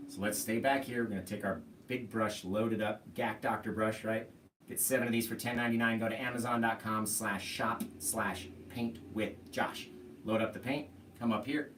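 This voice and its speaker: A man's voice: fairly low pitch, steady tone, normal speed, fairly bright tone, a little hiss or hum. A man hosting a live painting tutorial, chatting easily and explaining each step as he works. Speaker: painting instructor and show host. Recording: roomy sound from a distance.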